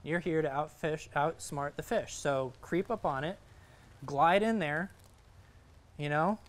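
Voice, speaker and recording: A man's voice: on the high side, unhurried. A man giving a casual, rambling talk to a group on sight fishing from a kayak, full of fillers and restarts.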